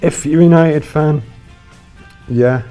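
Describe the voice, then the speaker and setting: Chatty guy reviewing a film, warm mellow voice, quiet music playing. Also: a little high, slow. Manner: chatty, questioning. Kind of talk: casual film chat.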